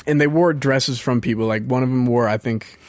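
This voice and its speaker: A man's voice: mid-range voice, fairly quick, no room sound. A young man with a slight lisp, chatting casually as a podcast co-host, rambling, laughing and stumbling over his words. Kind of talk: casual chat.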